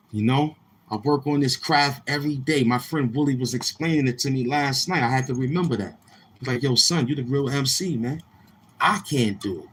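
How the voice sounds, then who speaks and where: A man's voice: medium pitch, slight background noise. A man from Brooklyn, telling loose, repetitive stories on his livestream and acting out other people's lines. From Brooklyn, New York. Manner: loose, repetitive street talk with quoted dialogue. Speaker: livestream host. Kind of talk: rambling storytelling on a livestream.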